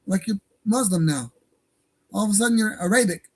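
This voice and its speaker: A man's voice: sits high, expressive, a little fast, darkish tone, breathy edge. A man hosting an online radio show, talking in a profane, rambling and heated way. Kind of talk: casual ranting monologue. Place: home studio for an online stream.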